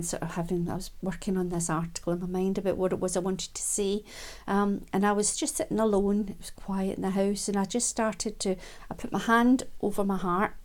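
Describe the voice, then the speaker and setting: Soft-spoken woman, self-help talk. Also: medium pitch, steady tone. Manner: soft, unhurried, with many ums and quiet laughs.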